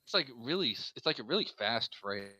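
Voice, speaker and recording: A man's voice: mid-range voice, very animated, brisk, bright, forceful tone, rough recording. A man talking with a collaborator over a voice call, hesitant and a bit puzzled. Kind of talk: casual call chat. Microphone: voice chat over the internet.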